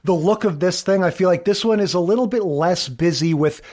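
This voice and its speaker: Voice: mid-range voice, a little fast, a little mellow. A podcast co-host in casual chat about sitcom episodes, talking freely and acting out lines from scenes. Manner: chatty, acts out lines from scenes.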